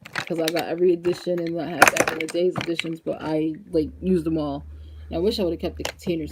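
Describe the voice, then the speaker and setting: A young woman chatting casually in a makeup vlog, animated and laughing often as she talks straight to her viewers. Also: deep voice, vocal fry, heavy background noise. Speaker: beauty vlogger.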